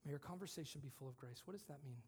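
Husky-voiced male pastor preaching in a hall. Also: on the high side, very fast. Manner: conversational, shifting from loud emphasis to hushed whispers. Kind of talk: sermon.

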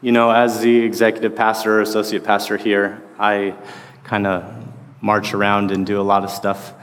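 A man's voice: on the low side, completely flat delivery, normal speed, clear, resonant tone. A man in his thirties, an associate pastor, preaching a sermon in a casual, rambling way full of fillers. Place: church sanctuary. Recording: long reverb of a large hall.

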